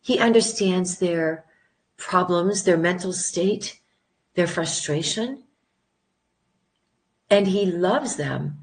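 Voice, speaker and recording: An older woman speaking earnestly as a guest in a conversation, encouraging prayer. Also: lowish voice. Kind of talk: casual conversation.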